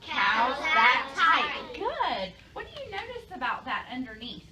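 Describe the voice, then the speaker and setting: A young adult woman teaches young pupils in a classroom, asking many questions and praising their answers. Her high voice swings hugely in pitch at an unhurried pace, caught by a distant mic amid classroom noise.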